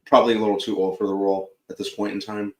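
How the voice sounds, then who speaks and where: A man co-hosting an entertainment show, chatting casually and hesitantly, with many pauses and fillers. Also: lowish voice, little pitch movement, a little mellow. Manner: hesitant, many ums, repeats himself. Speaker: podcast co-host. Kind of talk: casual chat. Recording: roomy echo, distant from mic.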